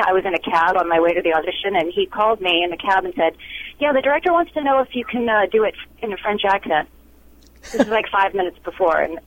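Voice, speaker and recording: A woman's voice: on the low side, lo-fi sound, slight background noise. A woman actress being interviewed, talking in a bubbly, chatty way over a remote line.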